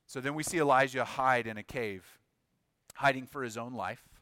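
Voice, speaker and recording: A man's voice: mid-range voice, moderate pace, sharp tone, no echo, studio quality. A male pastor preaching a sermon, acting out the voices of biblical figures with shifting intensity.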